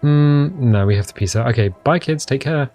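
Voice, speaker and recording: A man's voice: medium pitch, lively intonation, normal speed, dark tone, faint music behind. A man playing a video game in casual commentary, reading its text aloud with jokey asides. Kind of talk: casual let's-play commentary.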